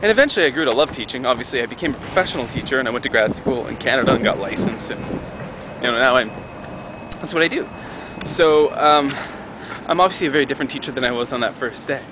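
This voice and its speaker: A young man in a vlog telling a personal story in a casual, animated way, acting out the dialogue. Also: quick pace, noisy background. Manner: animated, acts out dialogue with raised pitch.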